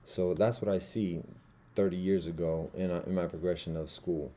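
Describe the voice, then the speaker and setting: A man in his fifties giving a rambling personal monologue, halting as he repeats words and restarts his sentences. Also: low-pitched, steady tone, mellow.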